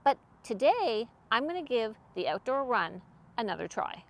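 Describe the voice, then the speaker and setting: Older woman, fitness vlogger, high voice, animated pitch, candid and chatty. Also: normal speed, slight background noise. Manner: chatty, candid and self-deprecating. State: out of breath after swimming. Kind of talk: casual talk to camera.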